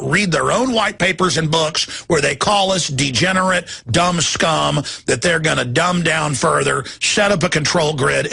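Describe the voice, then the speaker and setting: A man hosting a radio show, delivering a fiery ranting monologue with shouting and growling outbursts. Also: fairly high pitch, vocal fry, breathy edge. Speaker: radio host.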